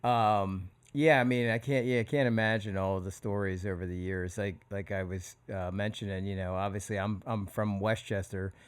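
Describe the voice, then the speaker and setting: A man hosts a podcast interview in a casual, friendly tone. His voice sits somewhat low. He keeps the exchange going with eager affirmations. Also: level tone, moderate pace, hardly any pauses. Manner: enthusiastic, frequent affirmations. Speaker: podcast host.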